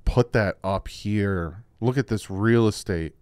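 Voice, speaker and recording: A man hosting a casual football film breakdown at a desk microphone, emphatic and repetitive, his voice jumping up when he gets excited. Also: fairly low pitch, takes it slowly, smooth, no room sound. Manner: emphatic, repeats points, voice jumps when excited. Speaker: football film-study host.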